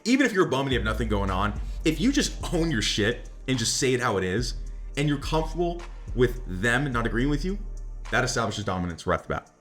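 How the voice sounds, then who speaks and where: A man's voice: medium pitch, very animated, fast talker, fairly bright tone, faint music behind. A man talking as a dating coach in a casual monologue, brash and profane, often laughing at his own jokes and tossing in "right?". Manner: repeats "right?" and "like" constantly.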